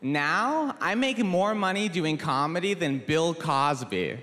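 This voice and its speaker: A man's voice: on the high side, big pitch swings, takes it slowly. Wry man doing stand-up in a hall. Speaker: stand-up comedian. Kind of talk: stand-up comedy set. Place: large theater stage. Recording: reverberant hall, audience noise.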